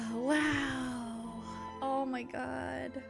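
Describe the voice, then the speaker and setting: A woman's voice: sits high, little pitch movement, very slow, vocal fry, over music. A woman game streamer talking to her chat in a casual, gushing and emotional way.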